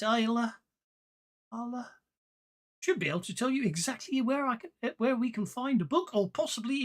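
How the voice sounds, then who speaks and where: A polite, secretive bookseller speaks with formal courtesy, as a man game master puts him on. He talks slowly and gravely in a plain, everyday voice. It is a tabletop game. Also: sits high, pitched above the performer's own voice. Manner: formal, slow, ominous.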